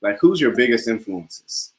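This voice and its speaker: A man's voice: medium pitch, lively intonation, measured pace. A man hosting a talk show interview, easygoing and repeating his words as he asks questions. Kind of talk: casual interview chat.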